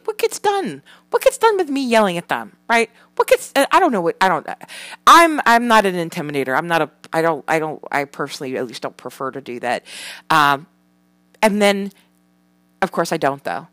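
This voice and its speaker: A woman with a low voice talks frankly and at length to the camera. She swears freely, trails off and restarts with many fillers. The sound is close and dry. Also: sharp tone, no room sound. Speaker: parent. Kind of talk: candid personal vlog.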